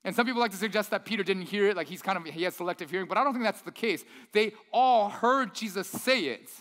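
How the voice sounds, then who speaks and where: A pastor preaching a sermon with lively storytelling, acting out the quoted lines himself. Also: male voice, high-pitched, fast talker, big-room sound. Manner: animated storyteller, acts out quotes.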